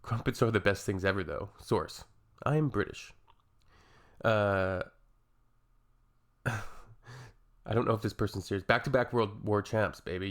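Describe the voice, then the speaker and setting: Canadian male reaction host, low gravelly voice, dry sarcasm. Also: lively intonation, unhurried, pauses often. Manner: sarcastic, wry. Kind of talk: reaction commentary.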